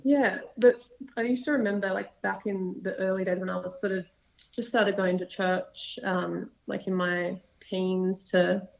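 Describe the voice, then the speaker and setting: Young woman guest, earnest and rambling, monotone, slightly muffled lo-fi sound. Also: medium pitch, gravelly. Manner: earnest, rambling, quick bursts. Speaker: podcast guest. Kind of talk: casual faith conversation. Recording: dull lo-fi sound.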